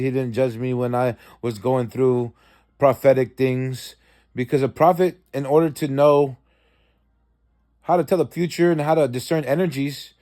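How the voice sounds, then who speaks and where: In a dark tone, a man casually recounts a dream, cursing and rambling with plenty of fillers and false starts. Quoted lines get performed with abrupt leaps in pitch.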